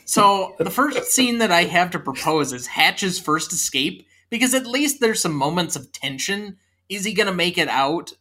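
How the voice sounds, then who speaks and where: A podcast co-host trades opinions in a casual movie review chat. The voice is bright and forward, at a middle pitch. The tone stays dry and sarcastic as it picks a film apart. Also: expressive, normal speed, few pauses. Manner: sarcastic, dismissive critique.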